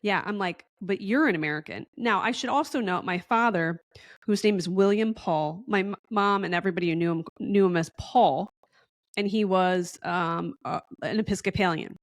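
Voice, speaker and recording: A woman's voice: mid-range voice, moderate pace, no room sound, studio quality. A woman guest in a casual podcast interview, telling a long story in a chatty, rambling way and acting out the dialogue.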